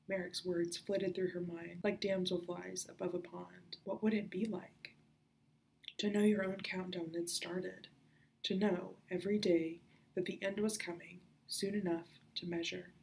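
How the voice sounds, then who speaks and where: Gravelly low-voiced woman reading a story. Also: flat delivery, normal speed, a little mellow, rough recording. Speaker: children's librarian reading aloud. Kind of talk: storybook read-aloud.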